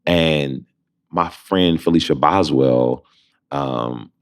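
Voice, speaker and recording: Man, very deep bass voice, Detroit native, young adult, animated storyteller, acts out both sides of phone calls. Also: drawn-out words, smooth. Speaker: Broadway actor and guest.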